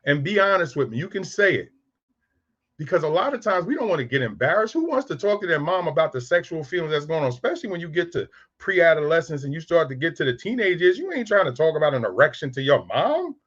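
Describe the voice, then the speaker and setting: A man's voice: fairly high pitch, very animated, fast talker, fairly bright tone, muffled recording. A man in his fifties telling frank, streetwise stories about raising boys. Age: 50s. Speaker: speaker on raising sons. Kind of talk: candid storytelling talk.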